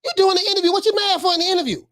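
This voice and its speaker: A woman hosting a live stream, reacting to a video with excited commentary. She laughs often and repeats her phrases. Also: very high voice, very fast.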